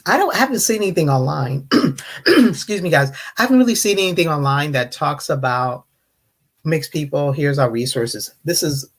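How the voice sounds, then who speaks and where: A livestream host, slightly tipsy from wine, talking casually with viewers in an open panel and acting out stories with lively mimicry. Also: medium pitch, moderate pace. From United States. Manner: animated storytelling, acts out others' rude questions in mocking voices. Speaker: host of a live online discussion panel. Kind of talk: casual livestream chat, greeting and answering viewers.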